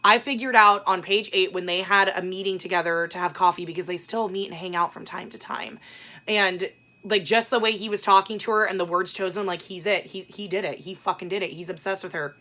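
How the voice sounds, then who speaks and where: A woman's voice: fairly low pitch, fairly quick. A woman book vlogger talking casually about books, blunt and profane, with lots of fillers. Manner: blunt, profane, animated ranting with many fillers. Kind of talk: casual ranting book chat.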